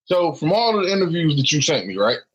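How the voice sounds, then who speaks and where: A man's voice: fairly high pitch, sing-song, fairly quick, husky, lo-fi sound. A man co-hosting a casual podcast chat, speaking in a blunt, matter-of-fact way. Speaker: podcast co-host.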